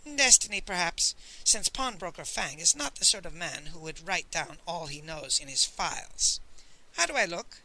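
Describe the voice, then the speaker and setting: A man's voice: on the high side, lively intonation, normal speed, bright, forceful tone, heavily acted, poor audio. A man voicing an elderly male sage who speaks in a wry, thoughtful, cheerful way in a storybook reading.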